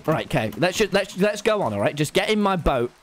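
Excitable young streamer. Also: male voice, high voice, a little fast, a little hiss or hum. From United Kingdom. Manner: loud, excitable, swearing, bossy. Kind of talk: casual gaming livestream chat. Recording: stream with music under the voice. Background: background music.

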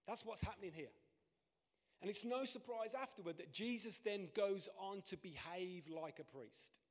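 A male pastor preaching with animated delivery, his voice surging up and falling away again. His voice sits a bit high for a man. A long church-hall reverb trails each phrase. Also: moderate pace. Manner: animated preaching with sharp rises and drops in pitch and loudness. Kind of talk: sermon.

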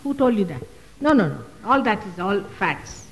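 A woman's voice: mid-range voice, very animated, moderate pace, in a large hall, low-quality recording. A woman, a spiritual teacher answering audience questions at a public talk, emphatic and full of rhetorical questions. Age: 60s. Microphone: loudspeaker microphone.

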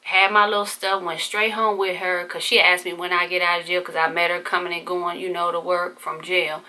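A woman's voice: fairly low pitch, flat delivery, fairly quick, bright, forceful tone. A woman vlogger telling a candid personal story in casual, profane, conversational speech.

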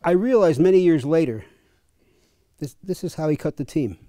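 A man's voice: a little high, animated, moderate pace, mellow, dry recording, studio quality. An older man and fencing coach, telling chatty, chuckling anecdotes at a clinic. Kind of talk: casual anecdotal storytelling.

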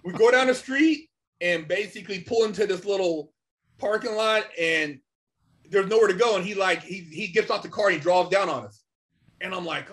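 Man, middle-aged, fairly high voice, animated casual storytelling, lots of fillers and swearing. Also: normal speed. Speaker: podcast guest.

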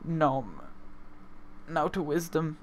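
A young man, from north-east England, hosting a let's-play of a football management game and swinging between muttering and excited outbursts. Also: on the high side, very slow, slight background noise. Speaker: gaming video host.

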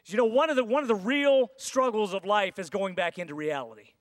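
A man preaching a sermon as senior pastor, with dramatic pauses and acted-out inner voices. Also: high-pitched. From United States. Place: large church sanctuary. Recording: dry sound with long hall reverb.

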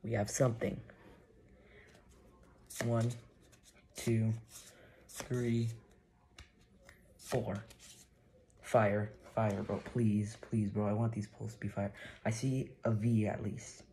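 A man's voice: lowish voice, takes it slowly, pauses often, noisy background. Man vlogging with kitchen clatter behind. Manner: playful mock threats, excitable reactions. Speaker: card-opening vlogger. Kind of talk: casual commentary while opening cards.

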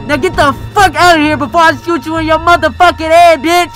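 A young man voicing a hot-tempered male street tough who curses and threatens loudly in a game skit. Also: extremely high pitch, animated, normal speed, soft background music, heavily acted. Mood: menacing. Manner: cursing, threatening, loud.

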